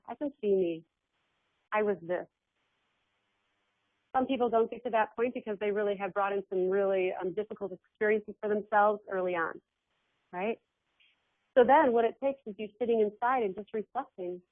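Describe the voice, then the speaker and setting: A woman giving a webinar talk as an energy healer, animated and acting out the words of her clients. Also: mid-range voice, a little fast, dry recording. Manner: animated, acts out quoted clients. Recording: phone-like webinar audio.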